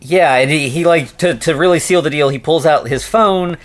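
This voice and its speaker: A man's voice: a little high, normal speed. Rambling, filler-heavy podcast guy. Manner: rambling retelling with many ums and likes. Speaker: podcast co-host. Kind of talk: casual film-review chat.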